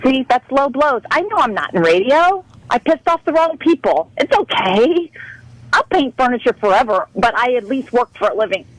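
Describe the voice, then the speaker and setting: A woman's voice: high-pitched, big pitch swings, moderate pace, no room sound, low-quality recording. A woman calling into a radio show, passionate and pleading as she scolds the host. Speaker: radio caller. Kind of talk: heated radio call-in.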